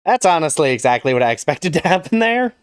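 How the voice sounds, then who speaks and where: Guy doing let's play commentary, kinda high voice, bouncy pitch, dry jokes at his own expense. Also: big pitch swings, fast, slight background noise. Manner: wry, self-mocking running commentary. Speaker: gamer playing a randomizer.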